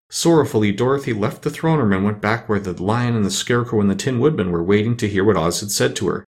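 Male storybook narrator, low and gravelly, expressive. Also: quick pace, few pauses. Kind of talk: storybook reading.

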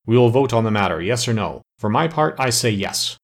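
Impatient storybook gnome king, blunt and raspy; a man voices him. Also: mid-range voice, expressive, a little fast. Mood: abrupt. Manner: abrupt.

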